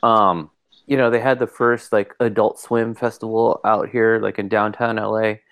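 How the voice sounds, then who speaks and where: A man co-hosting a podcast, chatting casually and telling lively stories, voicing the people in them with sudden jumps in pitch. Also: normal speed, smooth. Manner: animated storyteller, mimics people with pitch jumps. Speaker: podcast co-host.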